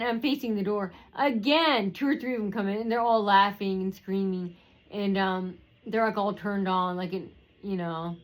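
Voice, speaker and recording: A woman's voice: mid-range voice, rough recording. A woman telling a personal story in a rambling way, with many fillers and restarts.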